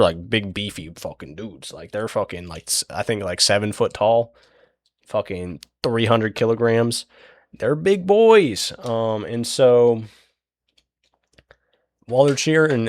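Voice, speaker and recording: A man's voice: on the low side, dry recording, clean studio sound. A man casually recapping a book while he draws, rambling and swearing, with lots of fillers and restarts. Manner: acts out characters' lines in his retelling. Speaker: channel host recapping a book.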